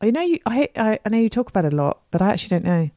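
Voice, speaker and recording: A woman's voice: mid-range voice, sing-song, rapid-fire, dark tone, no echo. A woman in her forties co-hosting a podcast, friendly and matter-of-fact, with affectionate slang in casual chat. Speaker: podcast co-host, interiors expert.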